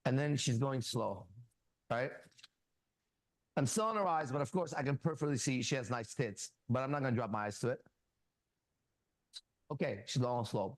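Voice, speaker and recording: A man hosting a casual talk show, coaching a younger man bluntly and profanely and telling animated stories with quoted dialogue. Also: mid-range voice, moderate pace, long pauses, no room sound. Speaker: host. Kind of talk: casual advice talk and storytelling.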